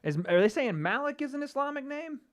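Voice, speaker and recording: A man's voice: extremely high pitch, very animated, fairly quick. A man hosting a casual livestream watch party, chatting and reacting to viewer comments. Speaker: livestream host.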